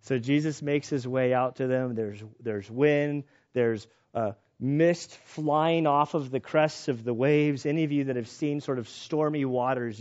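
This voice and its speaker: A middle-aged man preaching a sermon in a conversational, animated storytelling way with restarts. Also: mid-range voice. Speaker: pastor. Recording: dull lo-fi recording.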